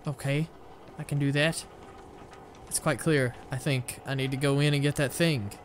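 A young gamer rambles through a shooter in casual let's-play commentary, game music running behind him. His medium-pitched voice keeps fairly even intonation at a normal speed, with a little hiss or hum, as he jokes at his own expense and blurts out frustration.

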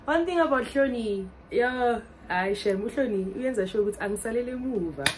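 Excitable South African woman vlogger. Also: fairly high pitch, a little fast, background noise. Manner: excitable, laughs often, mixes English and Zulu. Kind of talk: casual vlog chat.

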